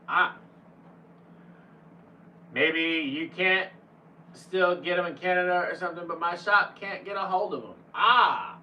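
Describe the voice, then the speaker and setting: A man's voice: high voice, measured pace, pauses often, bright, forceful tone. A man streaming live, chatting casually with viewers in a laid-back, profane way. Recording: distant, dull lo-fi mic with faint hum.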